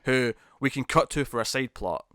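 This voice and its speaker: A man's voice: medium pitch, smooth, no echo, studio quality. A man co-hosting a TV podcast, chatting casually and animatedly, laughing as he retells scenes. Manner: animated, laughing, quick retelling with acted quotes. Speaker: podcast co-host. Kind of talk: casual chat about TV episodes.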